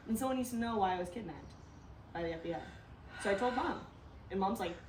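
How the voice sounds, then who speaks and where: A woman's voice: medium pitch, expressive, quick pace, pauses often, darkish tone, a little hiss or hum. A young woman co-hosting a podcast, telling a story in casual chat and acting out the quotes with lots of laughter. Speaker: podcast co-host. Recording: echoey room, a bit distant from mic.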